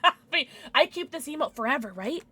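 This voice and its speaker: A woman's voice: fairly high pitch, animated, normal speed, a bit bright. A young woman livestreaming, chatting casually with her viewers, giddy and emotional, often squealing and laughing.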